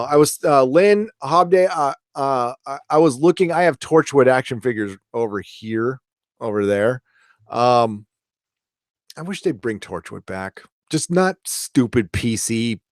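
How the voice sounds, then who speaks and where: A man's voice: medium pitch, measured pace, smooth, no room sound, clean studio sound. A man hosting a live stream, reading viewer comments in casual, rambling chat and swearing now and then.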